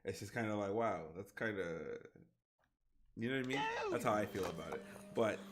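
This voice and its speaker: A man in his twenties streaming a game, reading aloud haltingly and then rambling loosely with lots of fillers. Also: lowish voice, over loud music. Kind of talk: casual livestream commentary while gaming.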